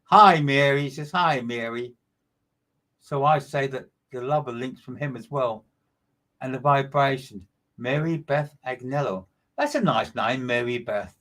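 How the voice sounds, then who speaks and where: A man's voice: mid-range voice, measured pace. A man working as a medium, giving a live streamed reading in a repetitive, emphatic way and greeting listeners by name.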